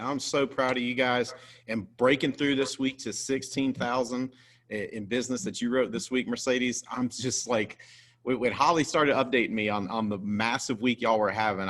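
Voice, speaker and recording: A man's voice: mid-range voice, fairly bright tone. A man hosting a business talk, praising guests with enthusiastic, repeated phrases. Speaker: host. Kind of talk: encouraging business pep talk.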